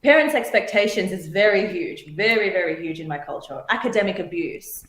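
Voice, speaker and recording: An earnest, animated woman hosts a casual podcast chat and laughs often. Her voice sits at a middle pitch, and a roomy echo hangs around it. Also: fairly quick. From Australia. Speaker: podcast host.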